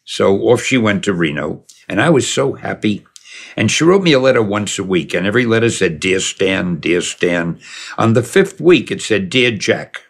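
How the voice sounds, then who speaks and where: A man's voice: on the low side, sing-song, fairly quick, creaky, breathy edge. An older man telling a long personal story in a casual, digressive way, chuckling as he goes. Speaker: storyteller recalling his past. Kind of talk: casual spoken reminiscence.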